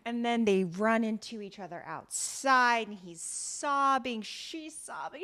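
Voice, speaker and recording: A woman co-hosting a podcast in casual chat, recapping scenes as a lively storyteller with exasperation. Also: fairly high pitch, takes it slowly, hardly any pauses. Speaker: podcast co-host.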